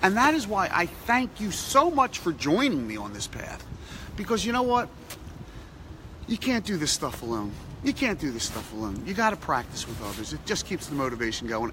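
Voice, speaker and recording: A middle-aged man hosting a motivational vlog, chatty and animated, repeating phrases for emphasis, filmed outdoors on a snowy street with a phone at arm's length. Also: mid-range voice, slight background noise. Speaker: vlog host. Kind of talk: upbeat motivational vlog talk.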